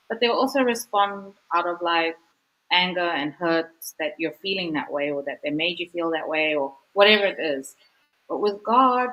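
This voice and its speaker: A woman's voice: lowish voice, fairly bright tone, poor audio. A woman author speaking as an interview guest, earnest and reflective, talking in a candid, informal way with frequent "like" and "you know.".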